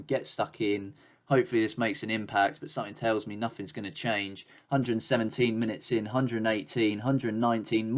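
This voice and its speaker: A man commentating his own football management game, excitable and swearing in frustration. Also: mid-range voice. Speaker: gaming YouTuber. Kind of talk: let's play commentary.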